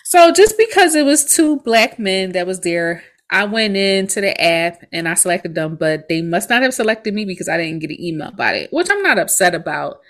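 A woman's voice: medium pitch, very animated, normal speed, hardly any pauses. A woman in her thirties, a podcast co-host, telling a story in casual chat and laughing often.

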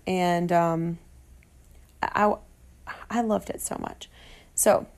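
A woman, a fitness trainer, telling a personal story in an animated way and acting out the dialogue she quotes. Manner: animated, acts out quoted dialogue with sarcastic jumps in pitch.

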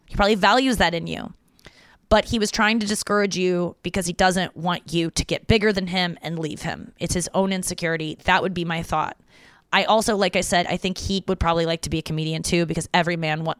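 A young woman talks through a casual solo podcast, candid and chatty, swearing freely between her asides. Her voice sits a little low and sounds smooth and clear. The recording is close and dry, with no room sound. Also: no echo. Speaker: podcast host. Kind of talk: casual solo podcast, reading listener messages.

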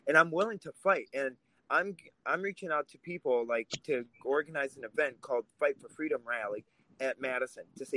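A man's voice: medium pitch, a little fast, bright, forceful tone, poor audio. A man from Russia, co-hosting a political podcast and talking in a heated, emphatic way. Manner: heated, emphatic, swears when angry. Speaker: podcast co-host.

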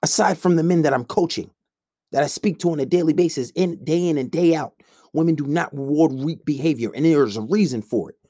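A man's voice: a little high, a little fast, mellow, no echo, studio quality. Blunt, swearing male coach ranting. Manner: blunt, combative, heavy swearing. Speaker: men's coach. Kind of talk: profane ranting monologue.

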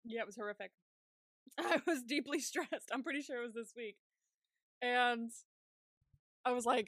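Young woman, podcast co-host, bright voice on a dry, close mic, chatty and quick to laugh. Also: fairly high pitch, dry recording. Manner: chatty, laughs often, acts out her own reactions. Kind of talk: casual chat.

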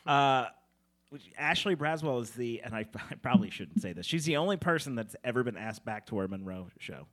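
A man's voice: mid-range voice, expressive. A man hosting a casual comedy podcast in a studio, joking and teasing his co-host and guest. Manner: jokey, self-deprecating, quick asides. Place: radio studio.

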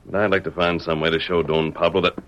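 A firm, righteous masked western hero, commanding and decisive. His voice is very low, on a dull old radio drama recording. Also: flat delivery, fast, a bit bright. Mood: steady. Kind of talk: 1940s radio acting.

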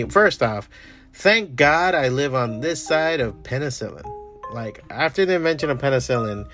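Chatty man, loose profane vlog talk, bursts of excitement then mumbles, soft music under. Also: medium pitch. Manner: profane, enthusiastic, trails off into mumbles. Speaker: comic artist streamer. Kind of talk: casual rambling chat.

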